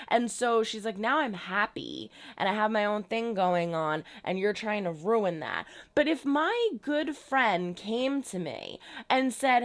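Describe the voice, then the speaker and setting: A woman talks through an episode in a relaxed, chatty way, pushing hard on the parts that bother her. Her voice sits in a middle pitch, and she sometimes briefly mocks the characters in put-on tones. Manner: chatty and emphatic, dips into mocking voices. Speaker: reaction youtuber. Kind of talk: casual recap and commentary.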